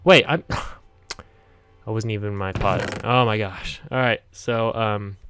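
A man's voice: lowish voice, fairly even intonation, slow pace, noisy background. A man hosting a gaming channel, chatting to viewers as he plays, easily startled, with yelps and laughs. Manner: talks directly to viewers. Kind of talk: casual gameplay commentary.

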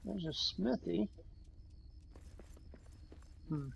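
A young man chatting during a co-op game in a relaxed, dryly teasing way. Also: high-pitched, extremely slow, creaky, lo-fi sound, slight background noise. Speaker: gamer playing co-op. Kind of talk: casual co-op gameplay chat.

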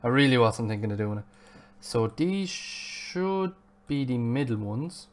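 A man's voice: mid-range voice, animated, a little slow. A man streaming a video game live, chatty and self-mocking, and swearing at the game now and then. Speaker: gaming streamer. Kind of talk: live gameplay commentary.

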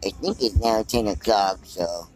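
A man's voice: fairly low pitch, a little slow, faint music behind, poor audio. A man vlogging casually from inside a big store on a handheld phone, rambling and thinking aloud as he browses. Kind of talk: casual walk-and-talk vlog.

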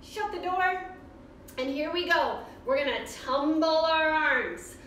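A woman guides children through yoga in a slow, unhurried, sing-song voice that sits very high. Her tone is bright and encouraging. She sounds far from the mic in a very echoey room with faint background noise. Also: animated. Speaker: kids' yoga teacher. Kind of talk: guided kids' yoga class. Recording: roomy echo from far off.

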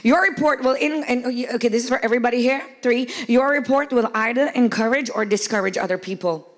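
A woman pastor preaching a sermon to a congregation, often shouting and playfully acting out quoted voices. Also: on the high side, brisk. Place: church hall before a congregation.

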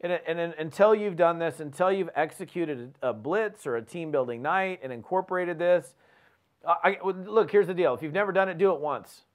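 A man hosting a podcast, giving a lively coaching talk as an animated storyteller who often restarts his sentences. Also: a little high, normal speed. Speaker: host.

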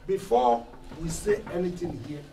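An actor with a Nigerian accent playing an indignant eldest brother who loudly lectures his family about his inheritance rights. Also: fairly high pitch, animated, moderate pace, close to an everyday voice. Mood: angry. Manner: loud, agitated, lecturing. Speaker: eldest son in a family dispute. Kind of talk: Nollywood film acting.

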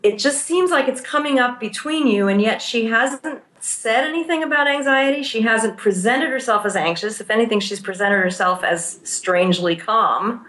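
A woman's voice: a little high, normal speed, hardly any pauses, a bit bright, echoey room, a little hiss or hum. A woman who works as a therapist and teaches pastoral care, explaining her ideas thoughtfully in a conversational interview and walking through examples.

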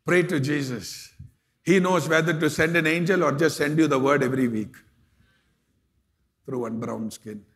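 A man's voice: a little high, normal speed, long pauses. A man with an Indian English accent, a pastor telling a story in a sermon, emotional and acting out the voices of the people in it. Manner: emotional, acts out quoted voices, rises to loud exhortation. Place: large church hall.

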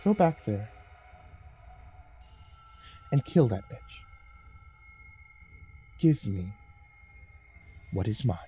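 A man voicing an enraged male devil lord with a shrill, screeching voice. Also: very animated, drawn-out words, pauses often, dark tone, husky, soft background music, full character voice. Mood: cold menace.

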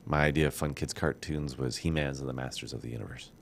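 A middle-aged man hosting a casual studio chat, joking and rambling in an animated way. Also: extremely low pitch, fast talker, creaky, slight background noise. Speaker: show host.

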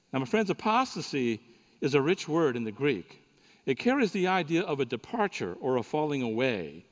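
A man giving a sermon at a conference, telling a folksy joking story to the audience. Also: mid-range voice. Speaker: conference speaker. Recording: reverberant hall recording.

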